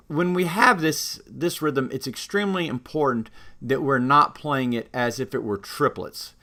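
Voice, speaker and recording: A music teacher with a sharp, mid-range voice gives trumpet students a careful lesson on rhythm. He illustrates the examples by singing them on "da."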